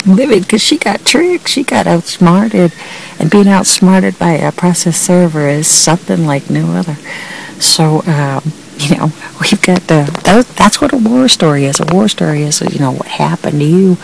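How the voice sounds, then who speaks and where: A woman's voice: fairly low pitch, creaky, far from the mic, slight background noise, low-quality recording. A woman who works as a process server, chatting in a rambling vlog style with many fillers and restarts, laughing between sentences. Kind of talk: casual storytelling vlog.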